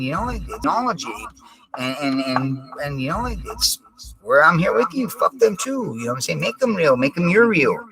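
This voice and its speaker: Man, mid-pitched voice, rambling monologue, intense, swears constantly, talks to camera. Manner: profane, intense, rambling with restarts.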